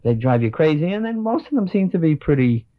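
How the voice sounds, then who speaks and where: A man in his thirties tells stories on a radio talk show with a lively, sweeping pitch and laughter in his words. The sound is dry and a little dull. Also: fairly quick, no echo. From United States. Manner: animated storyteller, laughs through his words. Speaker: comedian guest. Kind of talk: casual radio chat.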